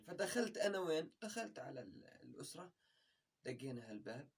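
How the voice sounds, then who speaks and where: A man with a husky voice telling a comic story in an animated, rapid way. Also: fairly high pitch. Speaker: stand-up comedy contestant. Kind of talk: stand-up comedy storytelling. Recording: distant mic.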